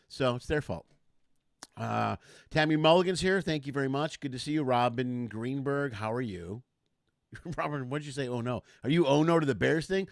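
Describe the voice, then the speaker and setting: A man's voice: mid-range voice, vocal fry, no echo, clean studio sound. A man hosting a casual comedy podcast, rambling through stories and acting out what people said. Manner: rambling storyteller, animated, acts out quotes. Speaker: host.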